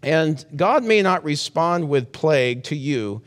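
A man delivering a sermon in a talky, earnest manner, often backing up to restart a phrase. His voice sits slightly high for a man. The recording carries a long hall reverb behind him. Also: lively intonation, a little slow. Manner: conversational, earnest, frequent restarts. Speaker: preacher.

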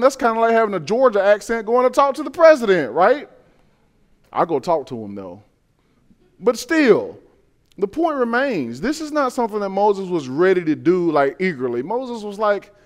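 A man's voice: sits high, lively intonation, moderate pace. A man preaching a conversational sermon, acting out the Bible figures' lines with rising and falling intensity.

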